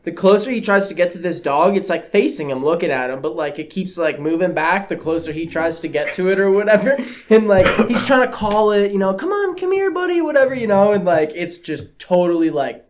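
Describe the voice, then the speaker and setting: Animated, laughing man telling stories. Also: high-pitched, normal speed, few pauses. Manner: animated storytelling, laughing often. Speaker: podcast co-host. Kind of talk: casual banter.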